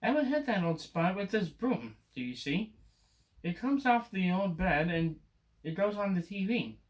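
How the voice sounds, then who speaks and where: Man voicing an eager tiny male cat, bustling, lively, children's book. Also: high voice, measured pace, pitched above the performer's own voice.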